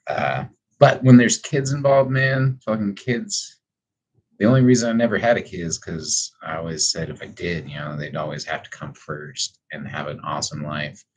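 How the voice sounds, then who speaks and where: Low-voiced and talking at normal speed, a man chats casually on a livestream from home. He answers chat candidly and reflectively, drifts off on tangents a bit, and swears plenty.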